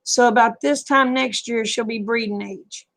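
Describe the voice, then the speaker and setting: A woman's voice: fairly high pitch, steady tone, moderate pace, gravelly, fairly bright tone. A middle-aged woman with a Southern US accent, chatting casually with viewers and answering their comments in a folksy way. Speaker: livestream host.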